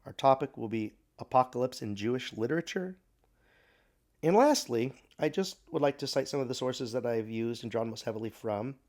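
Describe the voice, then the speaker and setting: A man at a middle pitch delivers a recorded Bible class lecture. He speaks in a thoughtful, halting way, pausing and restarting his sentences as he goes. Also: darkish tone.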